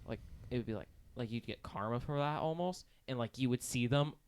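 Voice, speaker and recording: A teenage boy chatting in a quick, jokey, animated way. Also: medium pitch, smooth. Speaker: podcast co-host. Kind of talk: casual chat.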